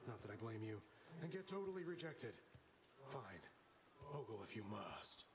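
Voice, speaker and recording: A man's voice: on the low side, very animated, moderate pace, a crowd in the background. An actor playing a vain young man in a video game, smug and mocking toward others. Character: vain young male beauty, smug and dismissive.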